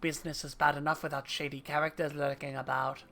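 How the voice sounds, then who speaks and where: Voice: mid-range voice, level tone, fast, bright, forceful tone. A streamer putting on a gossiping merchant with a made-up accent. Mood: gossipy. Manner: invented comic accent. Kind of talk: reading game dialogue aloud on stream.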